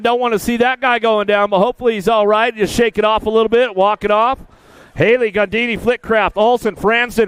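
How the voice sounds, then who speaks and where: High-pitched, excitable male race announcer. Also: clear, resonant tone, no room sound. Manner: rapid-fire calls of rider names and positions; excitable, chummy with riders. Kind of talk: live BMX race commentary. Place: outdoor race track.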